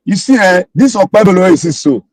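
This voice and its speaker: A man with a Nigerian accent, debating politics in an animated way and often talking over the other speaker. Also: sits high, quick pace, no echo, low-quality recording. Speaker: political commentator. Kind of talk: casual political debate in Nigerian Pidgin and English.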